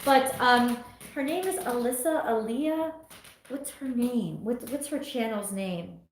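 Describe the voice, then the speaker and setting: A woman's voice: on the high side, takes it slowly, a little hiss or hum. A middle-aged woman hosting a tarot livestream, chatting casually and reading viewer comments aloud with frequent laughs. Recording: echoey room.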